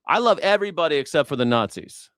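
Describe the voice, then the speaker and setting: A man's voice: fairly high pitch, lively intonation, fast, fairly bright tone, clean tone, no echo. A man streaming political commentary in a heated, profane rant, sarcastic and mocking his opponents. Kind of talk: ranting live stream commentary.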